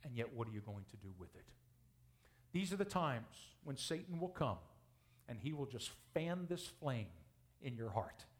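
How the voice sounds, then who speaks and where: A male pastor preaching a sermon, asking the congregation rhetorical questions and swinging widely in pitch and loudness. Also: sing-song, normal speed.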